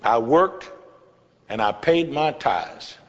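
A man's voice: mid-range voice, animated, takes it slowly. An older man, a pastor, telling a folksy testimony in a sermon with chuckling asides. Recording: echoey hall, slightly dull with faint hiss.

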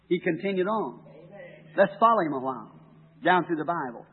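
Fervent preacher on tinny tape. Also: male voice, high-pitched, lively intonation, a little fast, husky. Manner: fervent, rising to emphatic peaks. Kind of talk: sermon. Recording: tinny old tape in a reverberant hall.

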